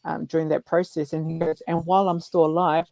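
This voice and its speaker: A man with a New Zealand accent hosting a casual chat, telling stories in an animated way. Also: fairly high pitch, brisk, vocal fry, no room sound, soft background music, rough recording. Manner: animated storyteller who acts out elders' voices. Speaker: host.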